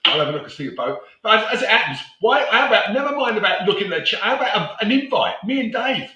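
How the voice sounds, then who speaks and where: Chatty South London man, bright voice. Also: high-pitched, expressive, fast, roomy sound, distant mic, muffled recording. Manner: chatty, reminiscing, laughs easily. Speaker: co-host. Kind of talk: casual chat.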